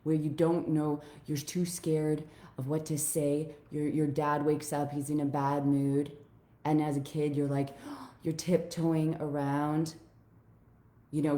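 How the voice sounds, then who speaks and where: Slow, emotional swearing woman coach. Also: low-pitched, warm tone, roomy sound. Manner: raw, swearing, heartfelt. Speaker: life coach. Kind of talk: emotional personal vlog to viewers.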